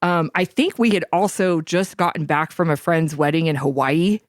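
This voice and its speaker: A woman co-hosting a podcast who tells a profane, animated story and acts out what people said. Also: deep voice, normal speed, dry recording, clean studio sound. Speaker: podcast co-host. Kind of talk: casual storytelling.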